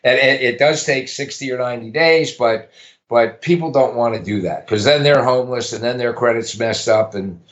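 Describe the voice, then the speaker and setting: A man's voice: mid-range voice, moderate pace, fairly bright tone, dull audio. A man talking casually in an interview about property, rambling and thinking aloud with many restarts. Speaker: guest, realtor.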